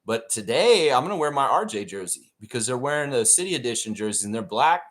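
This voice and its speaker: A man's voice: mid-range voice, fast. A man hosting a live stream, chatting casually and ranting with plenty of swearing. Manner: profane, animated rant reading chat.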